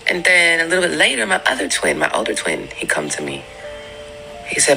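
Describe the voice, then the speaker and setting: A woman, a mother of twins, retelling a strange event gently and slowly, with a gravelly voice. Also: low-pitched, huge pitch swings, faint music behind, poor audio. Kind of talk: casual storytelling.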